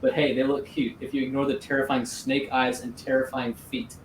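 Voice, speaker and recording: A man reads a prepared rant in a sardonic deadpan, throwing in crude asides. The voice sits in a roomy, echoing space with a faint hiss. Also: mid-range voice, fairly quick. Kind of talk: reading a scripted rant. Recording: roomy echo, faint noise.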